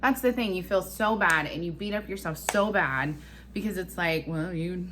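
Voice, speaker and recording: A woman's voice: lowish voice, moderate pace, background noise. A woman and mother talking in a rambling, emotional, confessional way to her vlog audience. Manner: rambling, emotional self-talk. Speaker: vlogger and mother.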